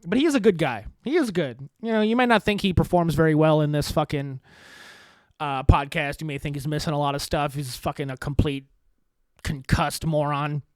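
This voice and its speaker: Crude, sarcastic man with a high voice. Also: moderate pace, no echo. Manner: profane, sarcastic, laughs often, puts on mocking voices in quotes. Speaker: podcast host. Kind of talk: crude rambling political commentary.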